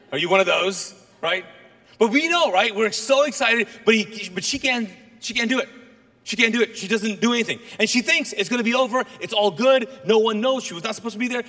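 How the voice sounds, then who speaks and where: A man preaching a sermon as a pastor, telling a Bible story with animated asides and acted-out lines for the people in it. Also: high voice, big-room sound. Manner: animated storytelling, acts out voices of biblical figures.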